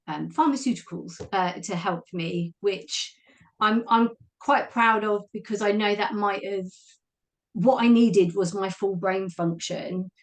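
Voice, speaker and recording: A woman, a guest speaking openly and reflectively about her own life, often laughing. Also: on the low side. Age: 40s. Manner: open, reflective, laughs easily. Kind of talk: candid personal conversation.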